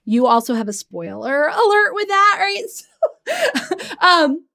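High-voiced, chatty woman coach. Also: slow, vocal fry. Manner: animated, chatty, tags lines with "right?"; laughs often while talking. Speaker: business coach and podcast host. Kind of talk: casual storytelling monologue.

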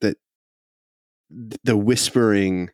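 A man running a tabletop game as game master, laughing often and narrating slowly. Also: on the low side, steady tone, darkish tone, no room sound, studio quality.

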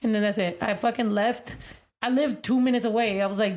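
A woman's voice: on the high side, fairly quick. A woman from San Diego telling stories in casual chat, swearing freely and acting out quotes. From San Diego, California. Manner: profane, animated storytelling with acted quotes.

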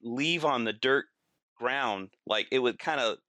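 A man's voice: medium pitch, a little slow, pushed and bright, dry recording. A man guesting on a podcast, telling stories casually, acting out quotes and laughing through them. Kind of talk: casual storytelling.

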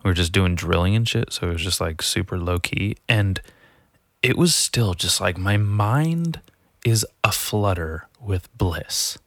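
A man's voice: low voice, expressive, measured pace, fairly bright tone, dry recording, studio quality. A man in his twenties hosting a podcast alone, rambling and joking with lots of swearing. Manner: rambling, profane, jokey. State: slightly out of breath. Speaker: podcast host. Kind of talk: casual solo podcast rant.

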